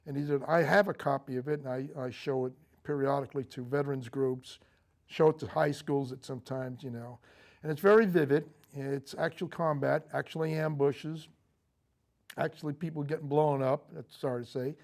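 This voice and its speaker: An older man, a Marine veteran, recounting his memories in a TV interview, speaking haltingly with frequent fillers and restarts. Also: medium pitch, steady tone, vocal fry, darkish tone. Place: local TV studio.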